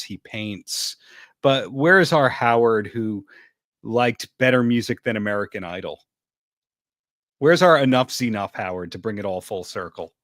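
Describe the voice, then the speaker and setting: A man's voice: fairly low pitch, fairly bright tone, no echo, clean studio sound. A man talking in a casual podcast conversation, wry and giving frank advice. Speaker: podcast guest, interviewer. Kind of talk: casual chat.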